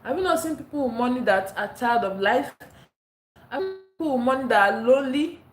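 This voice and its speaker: A woman's voice: fairly high pitch, expressive, fairly quick. Woman from Africa, livestream host, chatty commentary on viewer comments, roomy echo. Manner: chatty, laughs often, reads viewer comments aloud. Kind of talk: casual livestream chat reading comments. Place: indoors at home. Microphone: phone, later a clip-on mic.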